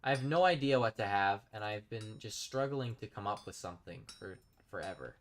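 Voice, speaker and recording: A man's voice: fairly low pitch, animated, fairly quick. A man chatting casually while live-streaming a game, rambling and reading out his chat. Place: home streaming setup.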